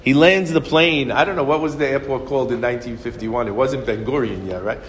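A man telling a story as a Torah lesson to a small group, lively and often restarting his phrases. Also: medium pitch, fairly quick. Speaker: Torah teacher. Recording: reverberant room with faint noise.

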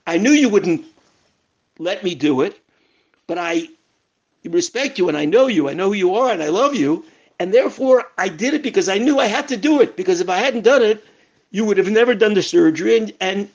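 A man doing a calm, reassuring surgeon. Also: sits high, fairly quick, dull audio, pitched above the performer's own voice. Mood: earnest. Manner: reassuring, earnest explaining. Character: calm confident male surgeon.

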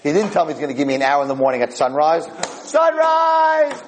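A man lecturing, telling a sermon story in an animated way, with many restarts and repeated words, swinging between loud and soft. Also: mid-range voice, very fast, a little hiss or hum, low-quality recording. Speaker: Jewish lecturer.

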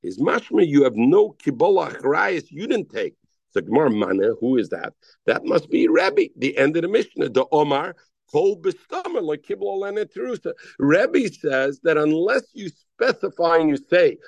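Lively gravelly Talmud teacher, a man. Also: a little high, moderate pace, no room sound, muffled recording. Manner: lively, addresses students by name, mixes Hebrew and Aramaic terms. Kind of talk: Daf Yomi Talmud class.

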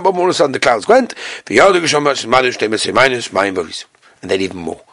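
A man teaching a Talmud class with Yeshivish Ashkenazi Hebrew pronunciation, reading the text and telling the story with animated storytelling. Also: quick pace, gravelly, breathy edge, no room sound, studio quality. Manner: animated storytelling, acting out characters with big jumps in pitch.

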